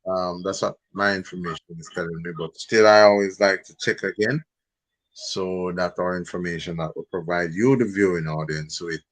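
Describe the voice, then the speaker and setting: Low-voiced man, dry close sound. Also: steady tone, normal speed, no echo, poor audio. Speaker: livestream co-host. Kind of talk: casual live stream commentary.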